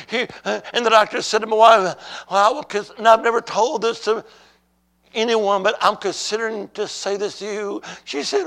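A man's voice: high-pitched, steady tone, moderate pace, a bit bright. A man preaching a sermon to his church, telling a dramatic story and calling out to the congregation for amens. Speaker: pastor.

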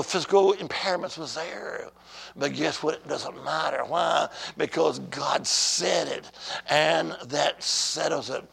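A man's voice: on the high side, creaky, a bit bright. A man preaching a sermon to his church, telling a dramatic story and calling out to the congregation for amens. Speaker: pastor.

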